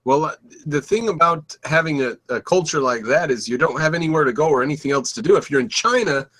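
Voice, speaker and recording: Man, high bright voice, blunt joking guest in casual chat. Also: animated, fast.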